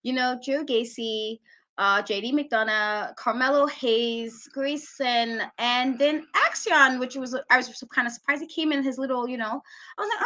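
A woman co-hosting a wrestling talk show, ranting in an animated, exasperated way and laughing often. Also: high voice, a little slow. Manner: emphatic repetition. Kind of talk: casual podcast rant.

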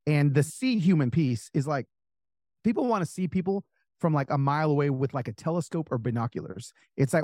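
A man telling stories in a casual interview as an author guest, animated and full of fillers, acting out the people he quotes. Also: on the high side, brisk, dry recording, clean studio sound. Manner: animated, acts out quoted voices, many fillers.

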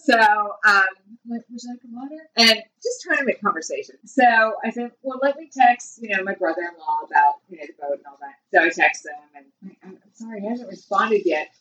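A woman's voice: medium pitch, a little fast, few pauses, pushed and bright, distant mic, poor audio. A woman in her fifties hosting a casual chat, telling a long story with frequent laughter. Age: 50s. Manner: chatty storyteller, laughs often. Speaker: host.

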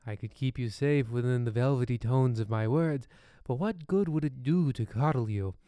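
An actor playing a gloomy, self-pitying narrator with a low, theatrical delivery. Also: male voice, moderate pace, dark tone, no room sound, close to an everyday voice. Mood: brooding.

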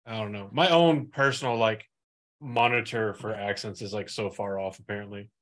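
A man's voice: on the low side, normal speed. A man co-hosting a casual podcast, easygoing and self-deprecating. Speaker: podcast co-host.

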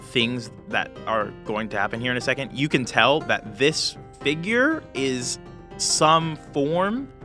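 A man narrating as game master of a tabletop game, loose and full of fillers like "kind of" and "um". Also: mid-range voice. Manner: loose, many fillers and hedges.

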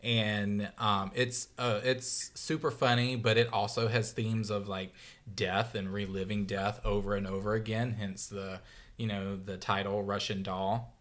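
A man's voice: fairly low pitch, little pitch movement, unhurried, a bit bright. A man co-hosting a podcast in casual chat, rambling and searching for his words. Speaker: podcast co-host.

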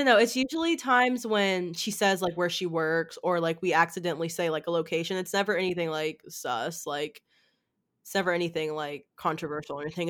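A young woman in her twenties hosting a podcast, chatting casually with lively, rambling talk and free swearing. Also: lowish voice. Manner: animated, rambling, swears freely. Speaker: podcast host. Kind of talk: casual chat.

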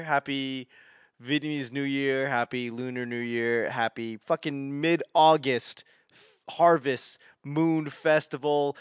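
Male host, casual comedic monologue, rambling and swearing, smooth and crisp, close dry mic. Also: a little high, a bit bright, no room sound. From Chinese heritage.

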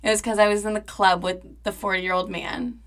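A young woman in her twenties hosts a podcast, telling a personal story in a chatty, dramatic monologue packed with "like" and swearing. Her voice sits at medium pitch with a level, fairly bright tone and a brisk pace.

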